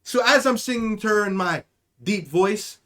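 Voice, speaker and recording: A man with a high-pitched voice tells a crude, rambling story in a casual podcast monologue. He jokes and curses freely while he talks to his listeners. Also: lively intonation, moderate pace, pushed and bright. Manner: rambling, profane, jokey. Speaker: podcast host.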